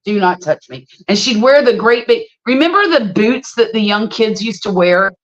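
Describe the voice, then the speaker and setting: A middle-aged woman, hosting a casual livestream and chatting with viewers as an animated storyteller. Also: on the high side, moderate pace. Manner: animated storyteller, exclaims freely. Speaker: livestream host. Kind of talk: casual livestream chat, reading viewer comments. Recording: slightly dull lo-fi stream audio.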